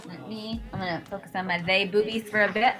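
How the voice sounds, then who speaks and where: Woman, mid pitch, wry chatty tone, home office, faint music behind. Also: steady tone, fast talker, fairly bright tone. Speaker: co-host. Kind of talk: casual chat on a live stream.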